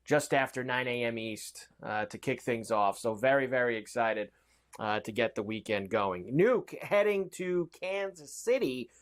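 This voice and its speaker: A man's voice: mid-range voice, measured pace. A man hosting a sports betting show, reading trade news and odds in an upbeat way with frequent fillers.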